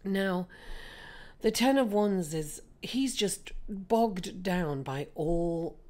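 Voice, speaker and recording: A woman with a raspy voice, hoarse from being ill, giving a chatty tarot reading and calling her listeners darling. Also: lowish voice, expressive, drawn-out words, dark tone. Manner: chatty, calls listeners darling and guys, many fillers. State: hoarse from illness. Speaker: tarot reader. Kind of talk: casual tarot reading monologue.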